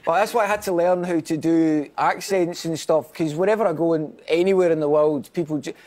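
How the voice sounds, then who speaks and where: Young Scottish man, high and laughing. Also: fairly even intonation, darkish tone. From Scotland. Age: young adult. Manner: quick, self-deprecating, laughing often. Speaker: comedian guest. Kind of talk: chat show interview.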